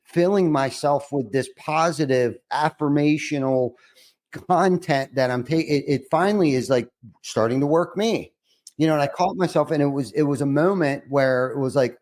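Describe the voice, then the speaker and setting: His voice sits on the high side and sounds a bit mellow, moving at a normal speed. He's a middle-aged podcast host in a thoughtful interview, earnest and rambling, restarting repeatedly before he poses the next question.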